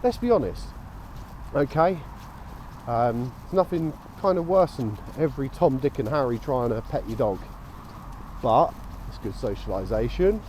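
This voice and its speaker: With a warm, mid-range voice and lively intonation, an English man keeps up casual, chatty vlog narration at a moderate pace as he walks his dog. His route covers a park, a canal path and a high street, and outdoor street noise can be heard behind him.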